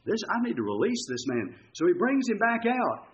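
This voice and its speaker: Male preacher, lively storyteller, slightly high voice, dull lo-fi recording. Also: moderate pace. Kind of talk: sermon.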